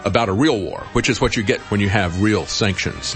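A man hosting a political commentary show, talking in an animated, indignant and sarcastic way. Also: lowish voice, a little fast, few pauses, soft background music. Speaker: radio host.

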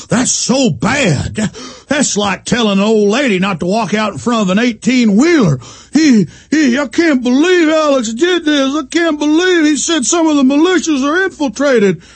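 Brief: sneering whiny heckler, high and nasal, gravelly edge, put on by a man. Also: animated, normal speed, dry recording, exaggerated voice.

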